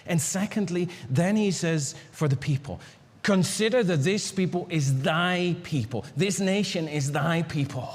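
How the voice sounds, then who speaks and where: A man preaching a sermon as pastor, pleading and repeating himself, swinging between high urgent lines and low hushed ones. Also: lively intonation, unhurried. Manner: pleading, repeats words and restarts. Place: church sanctuary. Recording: long hall reverb in a church.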